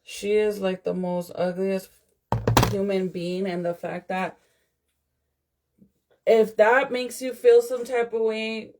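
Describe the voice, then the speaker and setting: A woman's voice: mid-range voice, steady tone, slow pace, long pauses, mellow, a little hiss or hum. A woman reacting to a video in casual commentary, blunt and fired up, swearing freely. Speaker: content creator reacting to a clip.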